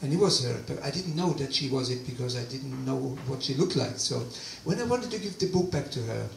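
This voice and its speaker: A man giving a personal testimony talk, animated storytelling with quoted dialogue, in a hall. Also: medium pitch, a little fast, creaky, slight background noise. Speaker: guest speaker. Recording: roomy distant hall recording, faint ambience.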